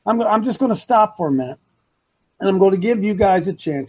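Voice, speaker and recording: A man's voice: sits high, animated, a little fast, a little mellow, husky. A man hosting a live opinion talk show, rambling and repeating himself for emphasis while talking to his producer and the chat.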